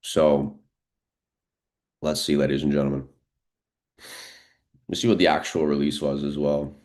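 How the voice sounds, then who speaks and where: This trading streamer talks through the markets live and unscripted, musing casually and leaning on lots of filler words. He has an unhurried bass voice.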